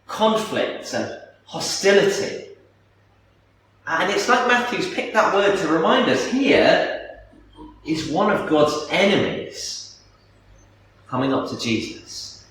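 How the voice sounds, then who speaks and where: A man's voice: a little high, fairly bright tone, slight background noise. A man preaching a sermon as pastor, talking conversationally and asking his listeners rhetorical questions. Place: church hall. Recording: echoey church from a distance.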